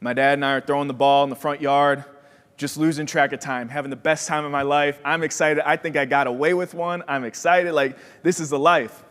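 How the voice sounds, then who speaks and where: A man's voice: fairly high pitch, a little fast, clean tone. Young man telling a motivational story. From Wisconsin, USA. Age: young adult. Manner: energetic storyteller who acts out quoted voices. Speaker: keynote speaker. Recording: long hall reverb.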